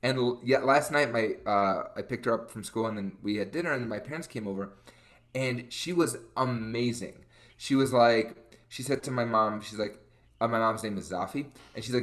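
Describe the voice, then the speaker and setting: A young man co-hosting a casual chat, telling stories with lively quoted voices and lots of fillers. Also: medium pitch, fairly quick. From Colorado. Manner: animated storyteller, acts out quotes. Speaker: co-host.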